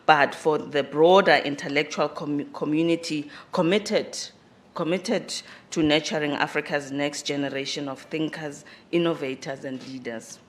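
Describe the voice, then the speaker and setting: A speaker with a self-described squeaky voice gives a formal welcome address at a university conference hall on a podium microphone, halting with frequent fillers and repeated words. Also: fairly even intonation. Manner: rises in pitch and volume on emphasized phrases. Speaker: conference host speaking for the organizers.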